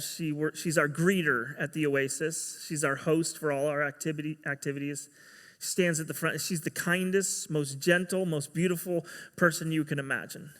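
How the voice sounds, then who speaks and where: A man's voice: fairly high pitch, fairly bright tone, long reverb tail. A man giving a sermon as pastor, telling a story and acting out the quoted dialogue.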